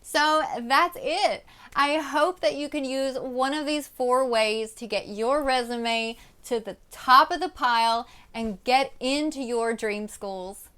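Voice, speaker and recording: A woman with a slightly high voice teaching singing and speaking technique in a casual on-camera lesson. She talks in an animated way and keeps checking in with her viewers. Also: takes it slowly, clean tone. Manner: breaks into loud demonstrations of vocal technique. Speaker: voice and music coach.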